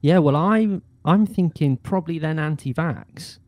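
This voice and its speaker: A man, a guest actor chatting casually, animated and often laughing. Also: a little high, measured pace, dry recording. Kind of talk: casual chat.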